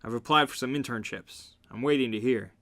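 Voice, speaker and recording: A man reading aloud and voicing a shy, flustered young woman in a quiet, soft delivery. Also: mid-range voice, a little fast, dry recording. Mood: plain.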